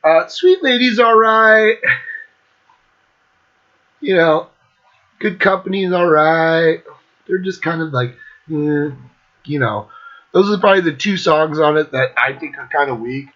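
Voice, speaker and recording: A man with a slightly high voice gives a casual, blunt album review on his own show, swearing freely. His talk stays enthusiastic and unfiltered. The recording sounds dull and lo-fi. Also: unhurried, long pauses, fairly bright tone. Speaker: music show host.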